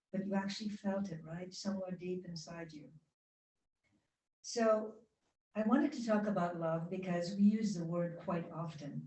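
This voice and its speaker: A woman giving a spiritual talk to a congregation, guiding them gently and chatting with the audience. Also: lowish voice, recorded from a distance. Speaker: guest speaker. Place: church hall. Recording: roomy hall sound from off-mic.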